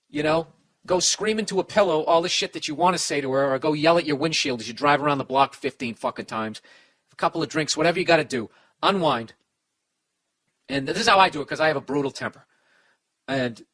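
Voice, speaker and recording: A man's voice: a little high, fairly bright tone. A man hosting a comedy podcast, reading a letter and giving advice in a profane, rambling, heated way.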